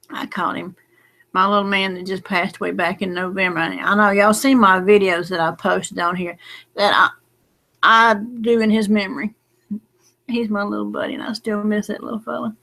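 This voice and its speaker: A woman's voice: mid-range voice, steady tone, normal speed, vocal fry, long pauses, sharp tone. A middle-aged woman, talking in a late-night casual vlog, rambling and folksy, drowsy and close to tears. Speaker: lottery number vlogger.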